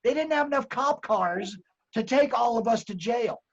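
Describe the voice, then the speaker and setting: A man's voice: extremely high pitch, normal speed, dull audio. A man telling a story in casual, profane group chat, acting out the people he quotes. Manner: profane, animated, acts out quoted voices.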